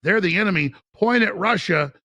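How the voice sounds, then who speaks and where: A middle-aged man speaks with heated conviction, his voice rough with fry and a sharp, bright edge. He keeps tripping over his words and restarting as he pushes his point, sitting a little above the usual male pitch and recorded close and dry. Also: lively intonation, normal speed, no echo. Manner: fiery, stammering restarts. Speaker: guest. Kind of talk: impassioned political talk.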